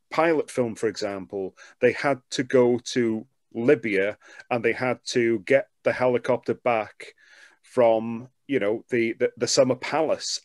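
A man's voice: medium pitch, no echo, studio quality. A man hosting a podcast interview, reflective and enthusiastic as he recalls watching a series. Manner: reflective, enthusiastic about the show. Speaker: podcast host. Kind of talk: conversational interview.

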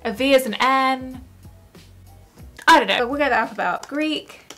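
A woman's voice: high-pitched, moderate pace, fairly bright tone, soft background music. A young woman vlogging from home in a chatty, rambling, self-mocking way. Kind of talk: casual vlog chat.

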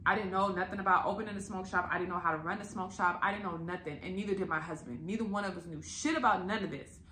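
A woman telling a story to her viewers in a casual, animated and profane way, acting out the quotes. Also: fairly low pitch, fast talker, a little hiss or hum. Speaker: vlogger. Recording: echoey room.

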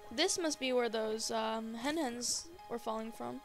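A young woman casually commenting on a game she plays, gushing and easily excited, talking to the creatures on screen. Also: fairly high pitch, unhurried, soft background music. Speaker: gaming video host. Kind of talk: casual let's-play commentary.

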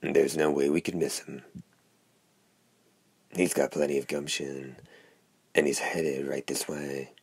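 A man reading the lines of a hoarse, wry, sardonic talking hand symbiote in an audiobook. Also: rumbling low, level tone, slow, pauses often, no echo, full character voice. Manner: wry, drawling.

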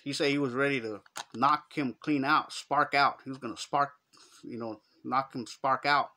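A man's voice: medium pitch, steady tone, moderate pace, bright, forceful tone. A middle-aged man with a Chicano Los Angeles accent, telling a story in slangy street talk and acting out the quotes. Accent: Chicano English, Los Angeles. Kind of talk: casual storytelling.

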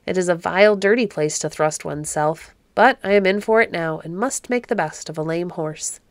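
A woman's voice: fairly low pitch, normal speed, no echo, lightly acted. Woman doing a one-eyed peddler man, muttering, resigned, storybook read-aloud, dry close voice. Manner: muttering to himself.

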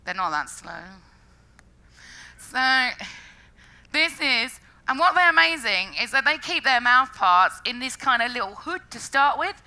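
Bright, enthusiastic woman lecturing. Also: high voice, big pitch swings, unhurried, low-quality recording. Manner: enthusiastic, jokey, acts out quoted voices. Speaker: entomologist giving a public science talk. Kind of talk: lively public lecture. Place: lecture stage before an audience.

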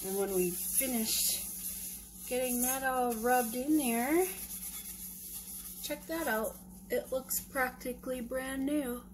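A woman talks slowly and casually to her camera while she cooks at home. Her voice sits a little high and her talk wanders and rambles. The home recording carries a lot of background noise. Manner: rambling, chatty, talks to her dog in a sing-song voice. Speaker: vlogger.

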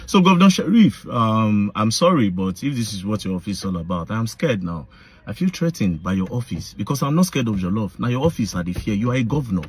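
A man's voice: on the low side, big pitch swings, brisk, breathy edge. A man with a Nigerian Pidgin English accent ranting in a confrontational vlog, addressing his targets directly with heated accusations. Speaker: online commentator.

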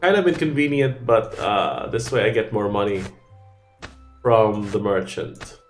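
A man's voice: on the low side, animated, a little slow, soft background music. A man giving casual gameplay commentary, thinking aloud in an offhand way and often trailing off. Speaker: let's play gamer.

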